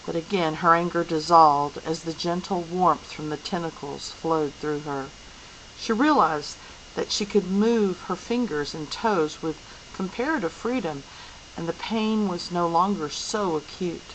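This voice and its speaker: Slow, low-voiced woman reading a novel. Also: a bit bright, slight background noise, poor audio. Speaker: audiobook reader.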